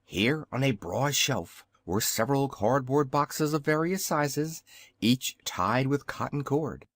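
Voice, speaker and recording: A man reads an audiobook aloud, narrating in a measured yet expressive way. His voice has a middling pitch and rises and falls a great deal. The recording is dry and close. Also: no room sound. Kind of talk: scripted narration.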